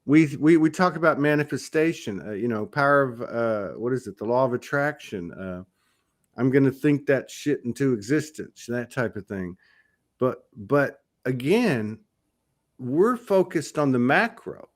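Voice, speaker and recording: A man's voice: medium pitch, animated, measured pace. Rambling man hosting a spiritual chat. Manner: rambling, emphatic, swearing casually. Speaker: host.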